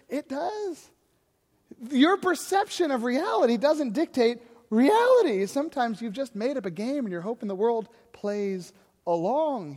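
A man with a very high voice preaches as a pastor, easy and conversational, and he acts out the people in the story as he tells it. His words ring out with a long reverb, as if in a large hall. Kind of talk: sermon.

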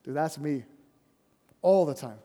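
High-voiced male pastor in a reverberant hall. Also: a little slow. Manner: conversational, often asks "right?", drops to soft low tones for emphasis. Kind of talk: sermon.

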